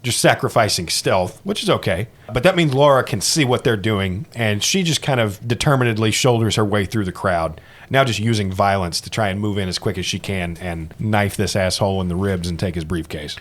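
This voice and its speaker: A man narrating a tabletop game as game master, relaxed and quick to laugh. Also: fairly low pitch.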